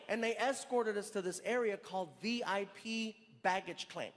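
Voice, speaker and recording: A man doing a stand-up comedy set, telling an animated story on stage into a stage microphone, with acted-out dialogue. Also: high-pitched, normal speed, big-room sound. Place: live comedy venue on stage.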